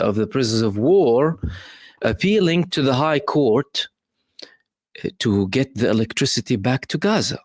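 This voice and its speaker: A man hosting live news commentary, pausing on many fillers and asking emphatic rhetorical questions. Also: on the low side, no room sound, clean studio sound. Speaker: host.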